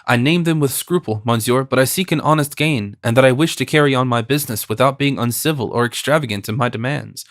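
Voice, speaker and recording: A man's voice: medium pitch, quick pace, hardly any pauses, dry recording, natural voice. A man doing a fawning, rambling innkeeper. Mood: deferential. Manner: deferential, rambling, ingratiating. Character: fawning middle-aged male innkeeper, anxious and wordy.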